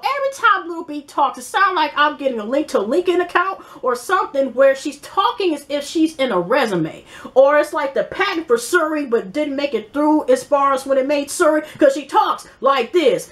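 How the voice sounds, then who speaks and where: Brief: slightly high-voiced woman vlogger, loose and profane, talks in run-on asides. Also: lively intonation, moderate pace, fairly bright tone. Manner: rambling, blunt, profane, many fillers. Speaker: YouTube TV-show reviewer. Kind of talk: casual vlog commentary.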